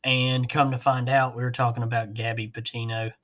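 A man's voice: medium pitch, flat delivery, brisk, fairly bright tone. A man hosting a casual podcast, rambling and self-mocking. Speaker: podcast host.

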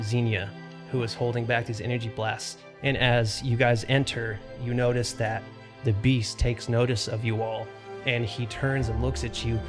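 A man narrating a tabletop role-playing game as game master, describing scenes in a calm, even way with fillers. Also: mid-range voice.

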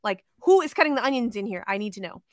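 High-voiced excitable woman podcast co-host. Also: fast talker, no echo, clean studio sound. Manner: excitable, swears freely, gushing. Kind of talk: casual sports chat.

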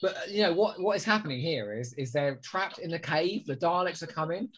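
A man co-hosting a podcast in casual chat, excitable and joking, swearing freely. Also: fairly high pitch, fairly quick, a little hiss or hum. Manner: excitable, swears freely, jokes about impressions. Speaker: podcast co-host.

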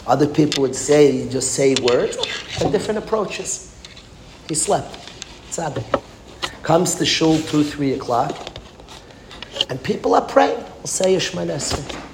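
A man's voice: fairly high pitch, animated, measured pace, long pauses. A man, a rabbi teaching a class, tells a story as a sermon with emphatic, repetitive phrasing that builds to passionate exclamations. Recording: echoey room with background noise.

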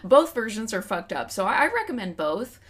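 A woman's voice: mid-range voice, big pitch swings, fairly quick. A woman from West Texas co-hosting a podcast, chatting candidly and poking fun at herself. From West Texas, USA. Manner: chatty, candid and self-mocking. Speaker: podcast co-host. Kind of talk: casual chat.

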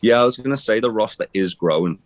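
A man's voice: on the low side, fast. A young man co-hosting a casual chat, rambling with restarts and casual swearing. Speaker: podcast co-host. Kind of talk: casual chat about wrestling.

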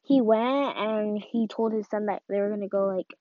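A woman talks through a casual devotional message, rambling and filling her sentences with "like" and "um." Her voice sits at a middling pitch. The recording is dull and lo-fi, with a dry sound and no room echo. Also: moderate pace. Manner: rambling, full of "like" and "um". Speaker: faith talk host.

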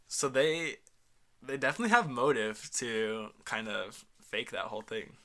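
A man's voice: mid-range voice, lively intonation, normal speed, sharp tone. A young man co-hosting a podcast in casual chat, easygoing and rambling as he tells stories. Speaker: podcast co-host.

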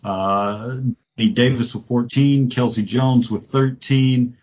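A man co-hosts a sports podcast in a mid-range voice, talking slowly and casually as he rambles with plenty of fillers. The lo-fi audio sounds dull.

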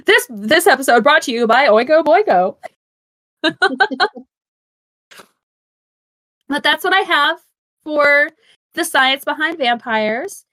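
A woman's voice: high voice, lively intonation, takes it slowly, pauses often, bright, forceful tone, dry recording. A woman hosting a podcast in a chatty, casual way, with lots of fillers and restarts and frequent giggles. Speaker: podcast host.

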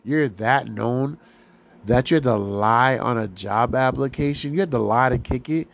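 A man's voice: medium pitch, normal speed, vocal fry. A man hosting a solo podcast episode, venting in a profane, exasperated rant. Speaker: podcast host.

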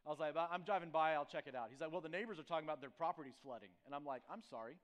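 Guy pastor, kinda higher voice, rambly funny story with lots of likes and uhs. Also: very fast. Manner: casual storytelling, self-mocking, many fillers. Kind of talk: sermon with prayer and personal story. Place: church sanctuary.

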